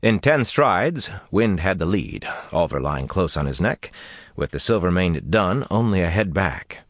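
Deep-voiced dramatic male narrator. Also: unhurried, no echo. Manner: expressive, dramatic storytelling. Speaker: audiobook narrator. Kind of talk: fantasy audiobook narration.

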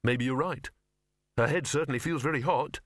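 A man's voice: mid-range voice, normal speed, no echo, clean studio sound, pitched above the performer's own voice, lightly acted. A man voicing a nervous, earnest young man who asks anxious, raised questions.

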